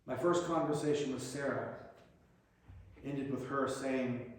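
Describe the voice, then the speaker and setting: Direct, reflective man at mid pitch giving a congregation reflection; far mic in a heavily reverberant hall. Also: fairly even intonation, measured pace. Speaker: lay speaker giving a reflection.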